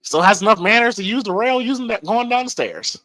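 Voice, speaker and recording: A host giving live movie commentary in relaxed, enthusiastic fan chat. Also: medium pitch, a little fast.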